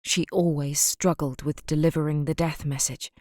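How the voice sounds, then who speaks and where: A woman narrating an audiobook with steady, restrained storytelling. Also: low voice, moderate pace, no echo, studio quality. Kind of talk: scripted narration.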